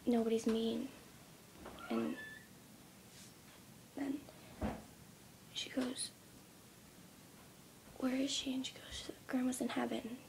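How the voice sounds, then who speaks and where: A young woman in her teens retelling a story in a casual vlog, speaking softly and often near a whisper, with many ums. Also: sits high, little pitch movement, slow, vocal fry, long pauses, slight background noise. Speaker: vlogger.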